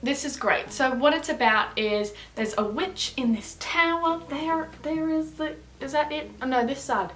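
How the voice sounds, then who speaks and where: A woman's voice: high-pitched, a little slow, hardly any pauses, a bit bright. A young woman with an Australian accent, chatting casually and upbeat through a book review vlog, rambling with fillers. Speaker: book vlogger.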